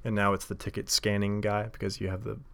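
A man with a somewhat low voice talks through a casual solo monologue. He rambles, stacks up fillers and restarts, and laughs at himself along the way. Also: completely flat delivery, fast talker, vocal fry. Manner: rambling, lots of likes and self-corrections, laughs often. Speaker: podcast host.

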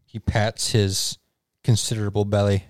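A man's voice: fairly low pitch, little pitch movement, normal speed. A man acting as game master, loosely narrating an improvised comedy role-play game and laughing along.

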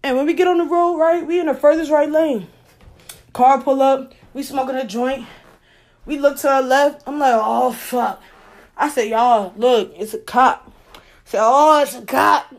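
Picture a young woman spinning a wild personal story straight to her listeners. Her voice sits a little high, with loose, profane chatter, and she playacts the voices in her tale. She sounds unscripted, like she is talking to friends. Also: moderate pace. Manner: animated, profane, laughing, acts out her own lines. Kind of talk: casual storytime monologue.

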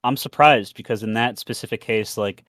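A man's voice: on the low side, a bit bright, no echo. A man co-hosting a casual gaming podcast, often chiming in with agreement. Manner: agreeable, quick interjections. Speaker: podcast co-host. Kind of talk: casual panel chat.

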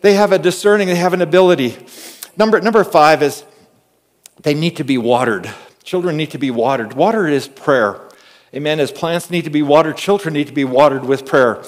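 A man preaches in a fairly high voice, talking to his congregation in a loose, conversational way. He drops to quiet asides and then rises into loud, emphatic lines. He often restarts words and punctuates his points with an amen. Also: a little fast. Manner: swings from hushed asides to loud emphatic calls, with frequent amens; repeats and restarts words while storytelling. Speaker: pastor. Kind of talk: conversational sermon.

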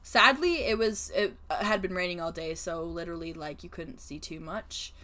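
Low-pitched young woman, casual podcast co-host, laughs often and swears freely. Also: moderate pace, bright, forceful tone. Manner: laughing, swearing, chatty storyteller. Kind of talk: casual chat.

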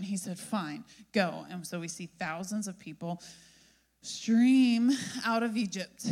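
A woman pastor preaching a sermon in a lively storytelling manner, often asking "right?". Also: mid-range voice.

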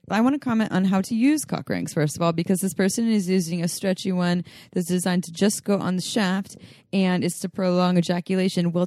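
A woman's voice: mid-range voice, darkish tone, no room sound, studio quality. A woman co-hosting a podcast, chatting casually and explaining things in a frank, matter-of-fact way. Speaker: podcast co-host. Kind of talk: casual chat.

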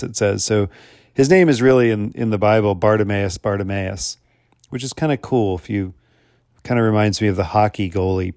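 A man with a low, gravelly voice preaches a sermon. He keeps it earnest and conversational and repeats phrases for emphasis. The sound is dry and close. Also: a little mellow, dry recording.

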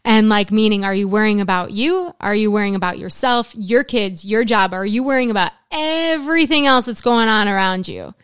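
A woman's voice: medium pitch, expressive, normal speed, few pauses, fairly bright tone, clear, resonant tone, no echo, studio quality. A middle-aged woman in casual conversation, talking earnestly about the mothers she works with, often in long spoken lists. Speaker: guest, works with mothers in recovery.

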